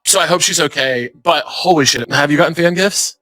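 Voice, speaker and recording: A young man, a stand-up comedian, chatting as a podcast guest and telling animated stories with acted-out quotes. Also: on the high side, fairly quick, no echo. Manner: animated storyteller, acts out quotes. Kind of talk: casual chat.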